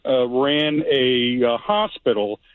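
A man calling in to a radio show, telling a story in a halting way with many fillers. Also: medium pitch, smooth. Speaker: caller. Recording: tinny phone line.

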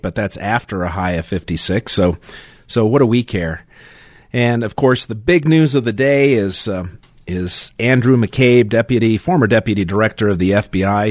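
A man hosting a political talk radio show, brisk and opinionated, taking calls and reading the news. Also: lowish voice, dry recording, clean studio sound. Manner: brisk, opinionated, laughs often. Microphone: studio mic.

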